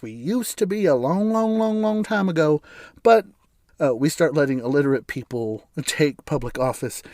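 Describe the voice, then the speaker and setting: A man's voice: on the high side, a little mellow, dry recording, studio quality. An American man hosting his own podcast, rambling casually with sarcastic asides and frequent laughs. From United States. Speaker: podcast host. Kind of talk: casual solo podcast monologue.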